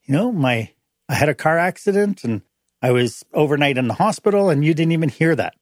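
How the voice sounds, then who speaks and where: A man's voice: a little high, fairly quick, no room sound, clean studio sound. A middle-aged man hosting a motivational talk on management, acting out short dialogues in changed voices. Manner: animated, acts out little dialogues in changed voices. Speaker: host.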